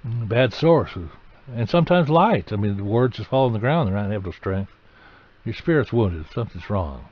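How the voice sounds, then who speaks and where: A man preaching a sermon, telling the story dramatically and breaking into sudden loud, emphatic bursts. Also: fairly low pitch, lively intonation, normal speed, dull audio.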